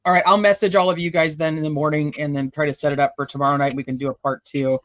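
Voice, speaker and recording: A man's voice: on the high side, little pitch movement, fast, fairly bright tone, no room sound. Chatty man hosting a live stream. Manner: chatty, rambling, affectionate sign-offs. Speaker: host of a true crime live stream. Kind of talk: casual chat on a live stream. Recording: dull dry lo-fi sound.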